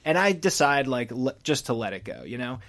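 Animated storytelling man. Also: mid-range voice, a little fast. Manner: animated storyteller, blunt opinions. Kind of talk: casual chat, storytelling.

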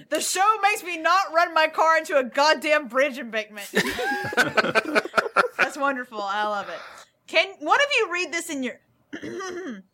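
A woman's voice: sits high, big pitch swings, slow, pauses often, pushed and bright. A woman co-hosting a comedy podcast, reading listener reviews aloud in a giggly, casual way over a video call. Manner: giggly, laughs often.

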